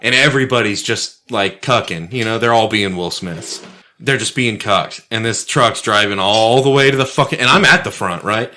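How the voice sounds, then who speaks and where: A man co-hosting a podcast, telling a story in a casual, profane, animated way. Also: fairly low pitch, moderate pace. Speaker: podcast co-host.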